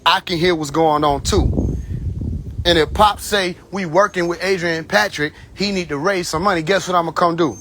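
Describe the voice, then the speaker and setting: A man with a somewhat high voice holds forth on a phone livestream. He rambles, swears freely and talks bluntly, loosened up and a little tipsy. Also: moderate pace, a bit bright, slight background noise. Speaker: live stream host. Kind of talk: casual live stream monologue.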